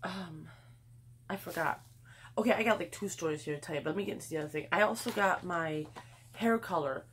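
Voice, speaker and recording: Chatty rambling woman vlogger, slightly low voice. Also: a little fast, fairly bright tone, slight background noise. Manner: rambling, chatty, swears freely. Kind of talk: casual haul vlog chat. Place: home, indoors.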